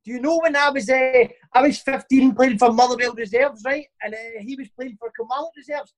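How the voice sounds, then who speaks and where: A former footballer with a Glaswegian Scottish accent hosts a casual podcast chat, cheeky and teasing as he tells sweary stories. His voice is extremely high-pitched and fairly quick, and the audio quality is poor.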